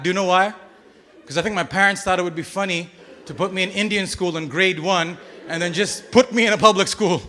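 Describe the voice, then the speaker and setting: A man in his thirties from Bahrain performing a stand-up comedy set, telling stories with sudden loud outbursts and acted-out voices. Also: sits high, fairly quick. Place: comedy stage before a live audience.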